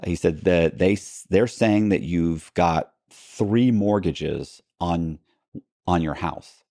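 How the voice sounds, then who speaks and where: A man recounting his past as a podcast guest, telling it with lots of quoted back-and-forth and quick restarts. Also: low-pitched, dry recording, studio quality. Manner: animated retelling with quoted dialogue and frequent restarts. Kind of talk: storytelling in a long-form interview.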